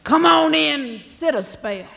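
A woman voicing a gruff, ornery blacksmith man with a curt folksy drawl. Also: high voice, expressive, takes it slowly, pushed and bright, pitched above the performer's own voice, exaggerated voice. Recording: long hall reverb.

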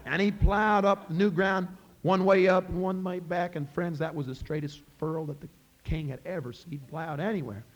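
A man's voice: high voice, fairly even intonation, moderate pace, dull audio, slight background noise. A man telling a folk tale in a folksy way, with chuckling asides to his listeners. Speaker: storyteller.

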